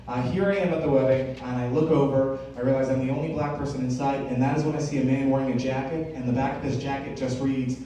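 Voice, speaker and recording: A man's voice: medium pitch, a little hiss or hum. Stand-up man in a roomy venue. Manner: storytelling with filler "uh"s and a slow, deadpan delivery on punchlines. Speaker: stand-up comedian. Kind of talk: stand-up set. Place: comedy stage with a live audience. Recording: roomy, far-off live venue recording.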